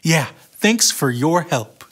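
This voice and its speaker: A man narrating a Bible story on a children's show with expressive storytelling. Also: fairly high pitch, slow, husky.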